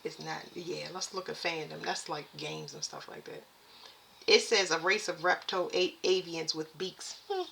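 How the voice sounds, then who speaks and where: Gravelly, bright-toned woman chatting. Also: deep voice, fairly even intonation, a little hiss or hum. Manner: chatty, talks to viewers as "y'all", reads text aloud haltingly. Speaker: spiritual reader addressing viewers. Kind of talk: casual reading and thinking aloud.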